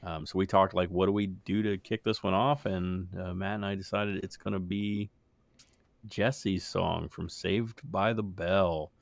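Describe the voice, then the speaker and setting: A man's voice: deep voice, fairly even intonation, unhurried, creaky, no echo. A man co-hosting a podcast, rambling in casual chat, swearing freely and laughing often. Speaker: podcast co-host.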